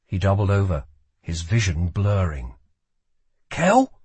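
A man reads a fantasy audiobook slowly, letting each line land. His voice is husky and rises and falls a lot, and the recording is close and dry. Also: fairly low pitch, no room sound. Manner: slow, expressive storytelling. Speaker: audiobook narrator. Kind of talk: scripted narration.

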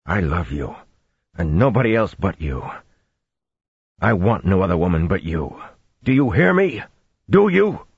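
A man doing a gruff burly young husband. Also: sits low, lively intonation, unhurried, long pauses, a little mellow, no room sound, dull audio, full character voice. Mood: pleading. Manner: growling and earnest.

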